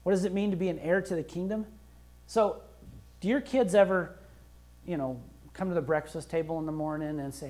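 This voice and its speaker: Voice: mid-range voice, moderate pace, dark tone. A pastor preaching a sermon in a conversational, emphatic way, acting out prayers and quotes as he goes. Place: church.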